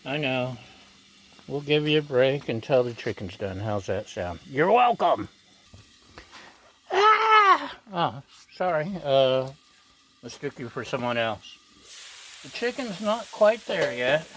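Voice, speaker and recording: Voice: medium pitch, animated, a little slow, rough recording. A home cook vlogger giving playful, chatty cooking commentary outdoors, talking to the dogs now and then. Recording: loud sizzling griddle noise behind.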